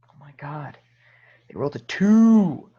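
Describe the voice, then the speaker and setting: A man narrating a tabletop game as game master, telling the scene in a loose, animated way with fillers. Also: on the high side, unhurried, highs cut off.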